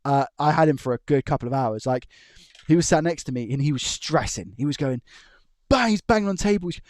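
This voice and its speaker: A man's voice: mid-range voice, a little fast, darkish tone, dry recording. Chatty man, dry close sound. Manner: rambling, chuckling storyteller who restarts sentences. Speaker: electronics repair live streamer. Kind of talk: casual chat on a live stream. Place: his own room at home.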